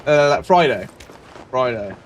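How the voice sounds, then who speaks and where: Animated swearing man. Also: slow pace. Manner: animated, swearing, acts out quotes with sudden high yelps. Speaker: streamer. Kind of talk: casual chat. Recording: noisy background.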